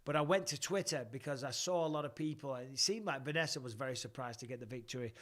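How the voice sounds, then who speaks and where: A man's voice: mid-range voice, fast, fairly bright tone. A man in his forties hosting a casual live-stream chat, answering fan questions bluntly, swearing freely and rambling.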